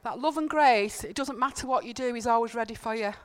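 A fairly high-pitched woman with a clean tone speaks a little fast as she delivers an informal, earnest sermon in church. She shares personal stories in a conversational way and repeats key points for emphasis.

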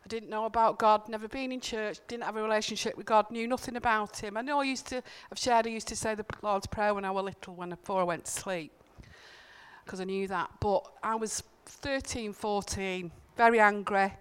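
Preaching in church, this woman talks a little fast in a smooth, mid-range voice. Her sermon is informal and earnest, built on personal anecdotes, and she drives her main points home by repeating them emphatically.

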